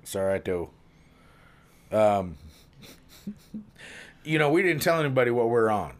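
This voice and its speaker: A man's voice: medium pitch, very animated, measured pace. A man hosting a podcast in casual, joking, rambling chat. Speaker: podcast host.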